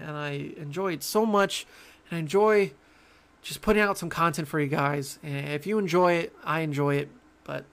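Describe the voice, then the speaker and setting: A young man hosting his own sports podcast, talking casually and jokingly with lots of stammered restarts. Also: on the high side. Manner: animated, rambling, joking, frequent stammered restarts. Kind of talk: casual solo sports talk.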